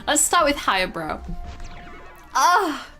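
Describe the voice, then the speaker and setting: A woman's voice: medium pitch, lively intonation, slow, a bit bright. A young woman streaming live, chatting casually and rambling, with frequent giggles and casual swearing. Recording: faint game music behind.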